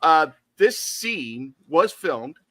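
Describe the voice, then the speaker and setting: Bright-voiced animated male podcast co-host. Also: fairly high pitch, very slow, no echo. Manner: animated, digressive, playful asides. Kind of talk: casual horror podcast chat.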